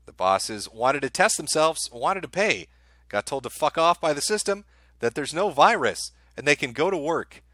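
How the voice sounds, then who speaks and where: A man's voice: fairly high pitch, normal speed, dry recording. A man reading viewer messages aloud on a live stream and answering them with crude, sardonic commentary. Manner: sardonic, crude, animated delivery.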